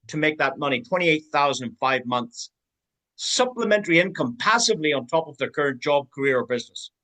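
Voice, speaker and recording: A man's voice: a little high, bright, forceful tone, low-quality recording. A man giving a team sales training talk, acting out both sides of example conversations.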